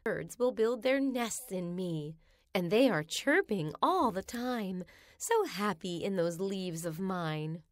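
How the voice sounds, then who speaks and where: A woman reading children's rhymes aloud in a slow, sing-song storybook manner. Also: mid-range voice, expressive, no echo, studio quality.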